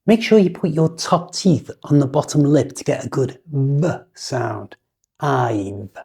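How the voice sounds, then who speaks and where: British woman, English teacher; patient, unhurried delivery, soft warm tone. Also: extremely low pitch, gravelly, slightly rough. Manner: patient, instructive, over-articulated examples. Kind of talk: slow, clear teaching with model sentences.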